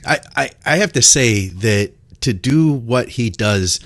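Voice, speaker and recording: A man co-hosting a casual podcast, talking in a relaxed way full of fillers and "like". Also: mid-range voice, measured pace, dry recording. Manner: relaxed, filler-heavy, says like a lot. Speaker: podcast co-host.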